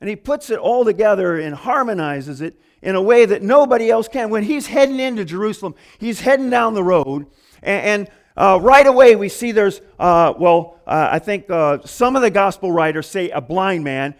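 This preacher has a high voice and an animated, chatty style. He performs quoted lines in character and pauses now and then to restart what he's saying.

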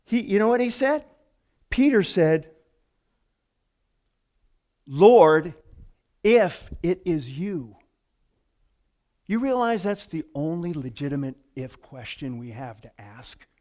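A man's voice: fairly high pitch, normal speed, a little mellow. A male pastor giving a conversational sermon, telling stories and acting out the voices of people in them. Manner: storytelling, acting out quoted voices.

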